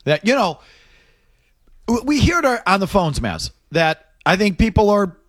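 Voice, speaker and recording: A man's voice: sits high, sing-song, measured pace, fairly bright tone, no room sound, clean studio sound. A man hosting a sports talk radio show, taking listener calls and joking with his co-host.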